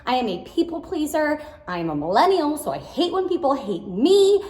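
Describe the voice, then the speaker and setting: Woman in her thirties, high lively voice, chatty storyteller, roomy echo. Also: moderate pace. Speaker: playroom business owner. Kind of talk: storytime vlog. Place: indoor playroom, at her desk. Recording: echoey indoor room.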